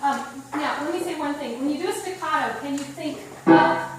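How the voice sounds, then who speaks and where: High-voiced woman piano teacher, echoey room. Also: normal speed. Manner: sings counts and rhythms aloud while explaining; upbeat and coaxing, checks in with "okay?". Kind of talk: one-on-one piano lesson. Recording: echoey room, far from the mic. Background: piano playing.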